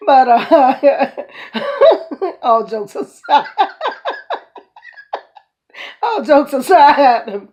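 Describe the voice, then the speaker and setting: A woman with a mix of Northern and Southern American accents, telling rambling stories as a community host and laughing often. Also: medium pitch. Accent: mixed Northern and Southern US. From United States. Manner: rambling, laughs often, speaks warmly to listener as "baby". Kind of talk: casual storytelling monologue.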